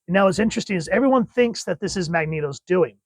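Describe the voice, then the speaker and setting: A man's voice: sits high, animated, fast talker, no echo. Enthusiastic man reviewing comics. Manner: enthusiastic, chatty.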